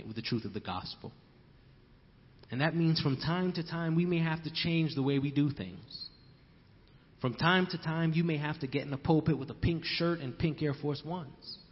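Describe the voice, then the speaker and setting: A young male pastor with a medium-pitched voice preaches a sermon in a church sanctuary, his words echoing with long hall reverb on dull, lo-fi audio. He repeats key lines for emphasis and addresses listeners as brothers and sisters. His storytelling asides build to loud emphasis.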